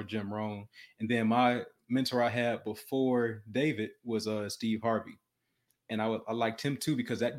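A young man telling a story in casual talk, earnest and often restarting and repeating words, and he says he has a stutter. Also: medium pitch. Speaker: podcast guest.

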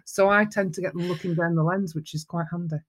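A woman with a Mancunian accent, a photographer telling lively stories as a guest in a casual interview. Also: fairly low pitch, fast. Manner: lively, animated storyteller. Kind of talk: storytelling in casual chat.

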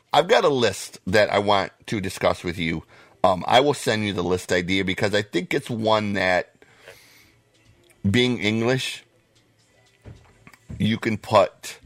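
An American man hosting a podcast in casual, profane chat, his voice hoarse and wearing out. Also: lowish voice, expressive, takes it slowly, long pauses, fairly bright tone, dry recording. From United States. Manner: blunt, profane, laid-back. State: losing his voice. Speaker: podcast host.

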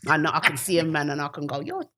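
A woman comedian chatting as a podcast guest, telling stories in a lively way and acting out what other people said. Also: very fast, slight background noise. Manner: animated storyteller, acts out quotes with big pitch jumps. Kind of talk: casual podcast chat.

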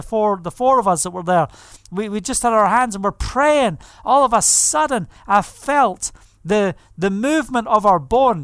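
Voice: medium pitch, fairly bright tone, no echo, studio quality. A preacher giving a fervent testimony sermon, telling stories vividly. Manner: vivid storytelling, acts out quoted voices, fervent.

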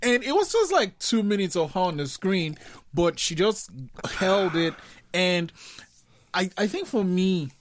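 A man's voice: sits high, very animated, a little slow, slight background noise. A man interviewing a filmmaker, enthusiastic and rambling, with lots of fillers. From not from Canada. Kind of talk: interview conversation.

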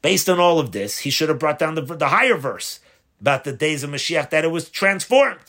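A rabbi giving a spoken Torah lesson, explaining step by step, posing questions and answering them, often restarting and rephrasing mid-sentence. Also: male voice, fairly high pitch, lively intonation, brisk, fairly bright tone. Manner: explanatory, asks and answers his own questions. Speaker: rabbi teaching a Torah class.

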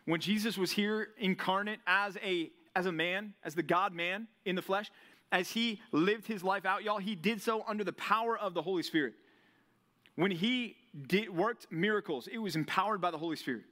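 A young man preaching a sermon to a college group, with a lively, conversational style full of rhetorical questions. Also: sits high, normal speed. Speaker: pastor.

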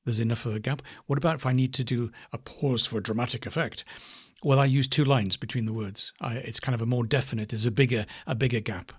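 A man with a husky, slightly breathy voice talks through a voice exercise. He speaks slowly and thoughtfully, stretching phrases and shifting the stress between words to show how the meaning changes. His pitch sits in an ordinary middle range. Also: fairly even intonation. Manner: slow, thoughtful, varies stress for demonstration. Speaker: voice coach. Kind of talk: reflective spoken lesson.

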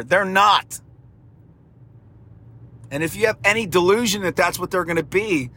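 A man runs his sports podcast alone, his high voice pushed and bright yet audibly strained and damaged. He monologues emphatically and preachily, hammering points home by repeating words.

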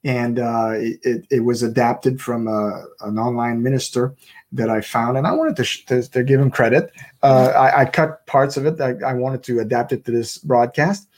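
A man co-hosts a Christian broadcast in a loose, informal way. He often stalls and starts his sentences over. His pitch is ordinary for a man. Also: normal speed, a little mellow. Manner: hesitant, many fillers and restarts. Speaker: co-host. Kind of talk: casual chat on a Christian broadcast.

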